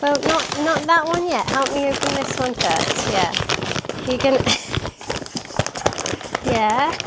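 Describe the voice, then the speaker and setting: Slow-talking chatty woman vlogger. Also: heavy background noise. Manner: chatty and self-deprecating, laughs often; baby-talk to her dog, higher and softer. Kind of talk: casual vlog chat. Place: home living room, indoors.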